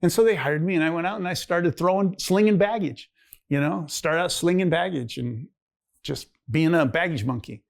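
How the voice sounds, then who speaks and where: A man's voice: on the high side, normal speed, vocal fry. A man in his sixties, a pastor giving his personal testimony in a rambling, conversational way, jumping his voice up when he acts out old conversations. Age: 60s. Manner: rambling, conversational, acts out quoted dialogue in a raised voice. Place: church.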